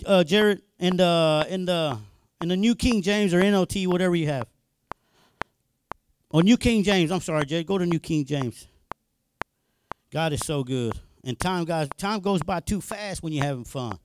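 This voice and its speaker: High-voiced, excitable male minister. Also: a little hiss or hum. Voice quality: excitable, repetitive and colloquial. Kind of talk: sermon.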